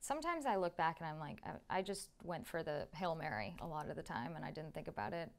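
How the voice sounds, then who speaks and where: A young woman guest in a casual interview, chatty and animated, laughing often as she tells stories. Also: low-pitched, fast talker.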